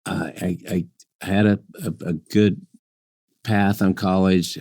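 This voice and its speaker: Deep-voiced man telling easygoing stories. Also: fairly even intonation, darkish tone, no echo, clean studio sound. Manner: easygoing, chuckling, with halting restarts. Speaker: chef guest. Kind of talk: anecdotal storytelling in conversation.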